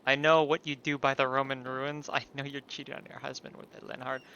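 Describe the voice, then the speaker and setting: A man's voice: medium pitch, flat delivery, brisk, bright, forceful tone, muffled recording, a little hiss or hum. A man voicing a stern painter interrogating suspects, firm and pressing.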